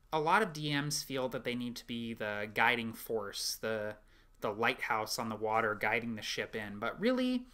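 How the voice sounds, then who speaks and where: A man hosts a casual advice talk for tabletop game masters. His voice is bright and forward. He chats in an encouraging way and drops in frequent ums. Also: medium pitch.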